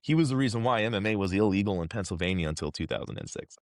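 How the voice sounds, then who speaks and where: Guy in his 30s telling fight stories, low voice, dry close mic, keeps restarting. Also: very fast, no echo. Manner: animated, frequent restarts, slangy. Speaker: combat sports inspector. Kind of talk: casual interview storytelling.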